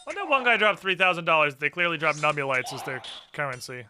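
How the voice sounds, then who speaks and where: A man's voice: a little high, lively intonation, quick pace, background noise. A man chatting casually and sardonically on a live game stream, muttering to himself between rants. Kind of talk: casual live-stream chat while gaming.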